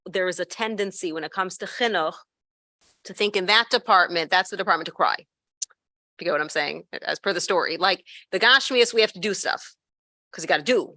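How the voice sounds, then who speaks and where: A woman speaking at an educators' gathering, telling a story in a conversational teaching style with quick asides and self-corrections. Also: fairly low pitch, bright, forceful tone, no echo.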